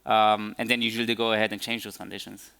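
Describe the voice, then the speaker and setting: Male tech speaker at a conference Q&A; bright voice, halting delivery. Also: fairly low pitch, little pitch movement, creaky, smooth. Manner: hesitant, many fillers and restarts. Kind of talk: conference Q&A answers.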